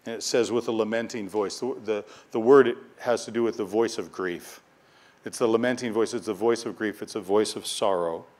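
A man delivering a sermon in a plain, mid-pitched voice, preaching straight through scripture. He leans into key words with sudden force and often repeats a word or phrase as he drives a point home. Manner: preaching with swelling emphasis, repeats words when stressing. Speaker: pastor.

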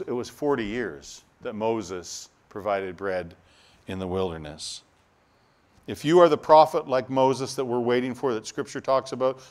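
A male pastor preaching a sermon, acting out the crowd's voices and laughing as he goes. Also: mid-range voice. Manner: animated, acts out voices of the crowd, laughs often.

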